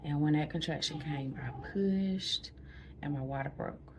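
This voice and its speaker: A woman with a low voice tells her birth story in a hospital room. She is chatty, laughs often and sometimes drops to a near whisper. Faint room noise hums behind her. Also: a little slow. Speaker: new mother recounting a birth. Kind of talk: casual storytelling to camera.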